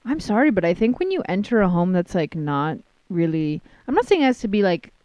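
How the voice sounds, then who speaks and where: Lively, profane young woman chatting. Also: fairly low pitch, brisk, no room sound, lo-fi sound. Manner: profane, playful, laughs often. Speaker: podcast host. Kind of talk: casual chat.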